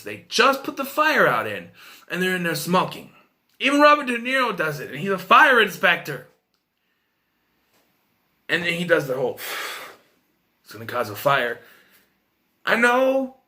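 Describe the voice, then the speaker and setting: A man's voice: on the high side, bright, forceful tone. A man giving a casual, rambling film review, retelling scenes and quoting characters, with frequent restarts and fillers. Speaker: movie reviewer.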